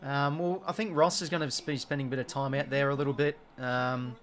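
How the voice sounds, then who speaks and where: A man's voice: mid-range voice, fairly even intonation, fairly quick, a bit bright. A young Australian man hosting a live sports watch-along, chatting casually and reacting to the play. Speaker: live stream host.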